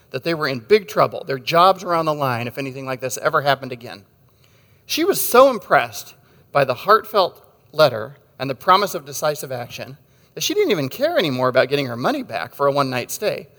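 A man with a somewhat high voice preaches a sermon in an easy, joking way. He tells stories and drops wry asides. His voice rings on in the long reverb of a church hall. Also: a bit bright. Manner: conversational and wry, with asides and jokes. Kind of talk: sermon with storytelling.

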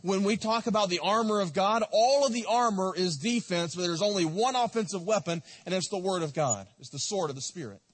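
A man's voice: high voice, lively intonation, fairly quick, hardly any pauses, slightly rough. A man preaching a sermon as a pastor, exhorting and repeating his points, asking the congregation questions. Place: church sanctuary. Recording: echoey hall.

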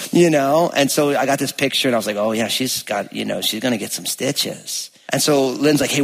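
A man's voice: medium pitch, vocal fry. Man, 30s, pastor: chatty storytelling sermon that builds to emphatic preaching, recorded with long church reverb. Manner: conversational, storytelling, many fillers and restarts. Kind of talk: sermon with personal stories. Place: church sanctuary.

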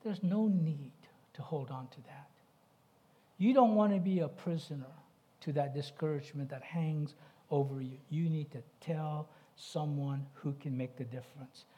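A man's voice: fairly high pitch, moderate pace, warm tone, muffled recording. A middle-aged man preaching a sermon, talking conversationally and asking the congregation questions. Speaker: pastor.

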